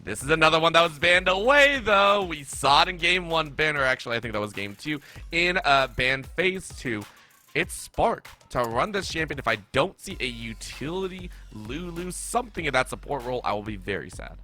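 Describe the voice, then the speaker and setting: A man's voice: a little high, sing-song, bright, forceful tone, soft background music. A man casting live esports play-by-play in an upbeat, chatty way. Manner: upbeat, chatty, quick to laugh. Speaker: play-by-play caster.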